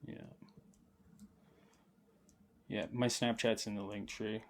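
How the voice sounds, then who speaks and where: A man's voice: fairly low pitch, level tone, slow pace, a little hiss or hum. A young man telling a rambling, profane story on a late-night livestream, laughing often and sounding intoxicated. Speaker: streamer.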